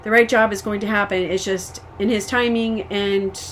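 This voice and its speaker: A woman's voice: medium pitch, fairly even intonation, normal speed, a bit bright, a little hiss or hum. A woman from the United States giving a casual personal update as a vlogger, venting frustrations candidly and rambling with frequent ums and restarts.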